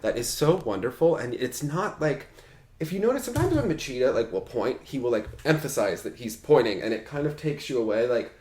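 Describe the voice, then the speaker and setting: A man co-hosting a casual podcast chat, gushing and animated as he talks. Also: mid-range voice, a little fast, reverberant. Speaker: co-host.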